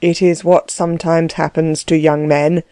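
A woman's voice: deep voice, flat delivery, warm tone, no echo. A woman doing a cool, condescending nobleman. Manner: cool, measured, dry. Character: composed aristocratic male landowner, coolly condescending.

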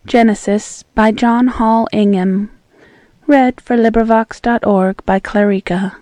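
A woman's voice: fairly high pitch, steady tone, a little slow, warm tone, dry recording. A woman reading a poem aloud for a volunteer audiobook recording. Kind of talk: poetry reading.

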